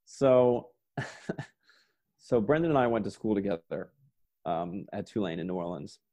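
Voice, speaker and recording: A young man in his twenties speaks in a low, warm, mellow voice. He tells stories casually as a podcast guest, rambling along and filling his sentences with "like" and the odd swear word. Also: expressive, measured pace. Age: 20s. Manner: laid-back, rambling, peppered with "like" and swearing. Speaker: podcast guest, sketch comedian. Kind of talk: casual storytelling chat.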